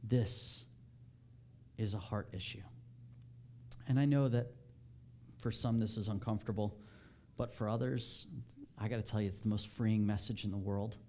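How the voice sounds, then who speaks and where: A male pastor preaching a sermon in a casual, animated way, pushing his voice up when he stresses a point. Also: on the low side, normal speed, long pauses.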